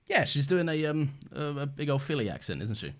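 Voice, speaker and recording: A man's voice: fairly high pitch, sing-song, a little fast. A man with an enthusiastic, earnest manner, co-hosting a casual chat reviewing a film. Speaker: podcast co-host.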